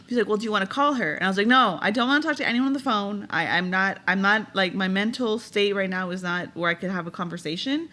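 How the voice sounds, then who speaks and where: A young woman with a bright, clear-edged voice shares a personal story on a podcast. She talks in a relaxed, candid way and often laughs mid-sentence. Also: medium pitch, quick pace, few pauses. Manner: chatty, candid, laughs while telling. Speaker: podcast co-host. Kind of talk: casual storytelling chat.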